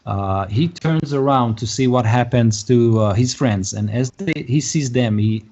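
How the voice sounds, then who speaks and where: Male game master, unhurried and halting, muffled lo-fi recording. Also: medium pitch, a little mellow. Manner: slow, halting narration with many fillers. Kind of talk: narrating a tabletop game.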